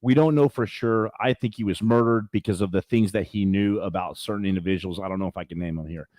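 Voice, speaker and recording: A man as a podcast guest at his home, telling long, rambling stories in an animated way. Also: on the low side, quick pace, dry recording. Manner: rambling storyteller, animated, acts out quotes. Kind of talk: casual interview.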